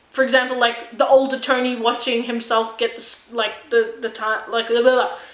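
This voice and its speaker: Gushing young woman with a bright, high voice. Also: reverberant. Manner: gushing, fast filler-heavy chatter with lots of "like". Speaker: movie reviewer vlogger. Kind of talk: excited casual movie review.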